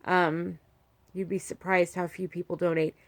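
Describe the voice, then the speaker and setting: A woman talking in a casual video diary about her health, rambling with many "like" fillers and swinging between soft, heartfelt talk and fired-up outbursts. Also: lowish voice, level tone, normal speed. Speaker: vlogger sharing a health update.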